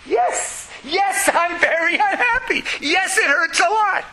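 A man voicing an upset six-year-old girl who dropped her ice cream, speaking in a plaintive, drawn-out way. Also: extremely high pitch, expressive, noisy background, pitched above the performer's own voice, exaggerated voice.

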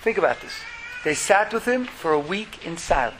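Animated high-pitched male religious teacher. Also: moderate pace, noisy background. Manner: animated, acts out quotes in lively voices. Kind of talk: lecture.

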